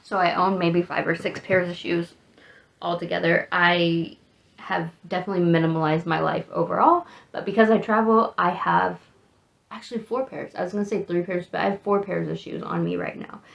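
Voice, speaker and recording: Gravelly, chatty American woman vlogger. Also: fairly low pitch, steady tone, brisk, highs cut off. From United States. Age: 30s. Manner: chatty, rambling, self-deprecating. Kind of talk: casual get-to-know-me vlog.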